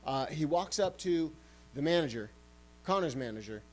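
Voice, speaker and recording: A man's voice: on the high side, lively intonation, moderate pace, rough recording. A man hosting a sports podcast, ranting heatedly and swearing often. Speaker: podcast host.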